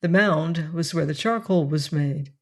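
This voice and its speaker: A woman narrating an audiobook in a measured, unhurried reading. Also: low voice. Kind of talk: scripted narration.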